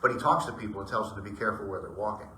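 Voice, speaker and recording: A man telling ghost stories to an audience in a library room, in an animated way that acts out the voices he quotes. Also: on the low side, racing. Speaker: guest storyteller. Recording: echoey room, distant mic, faint noise.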